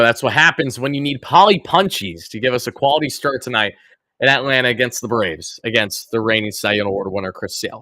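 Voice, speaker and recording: Exasperated sarcastic fan, lively voice. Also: male voice, mid-range voice, a little fast, no room sound, clean studio sound. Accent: New York. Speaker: fan live-streaming a game. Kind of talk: fan reaction play-by-play.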